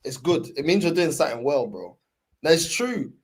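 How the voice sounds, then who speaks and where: A London man chats loosely on a podcast, laughing often. His voice sits a bit high and swings up and down a lot as he talks. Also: very animated, moderate pace, breathy edge. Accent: London English. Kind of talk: casual chat.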